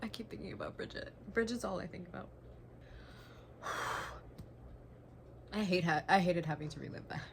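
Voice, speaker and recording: A young woman vlogging her reactions to a book she is reading, excitable and gushing, swearing freely and now and then dropping to a whisper. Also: fairly low pitch, moderate pace, vocal fry, long pauses, slight background noise. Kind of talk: casual reading vlog reactions.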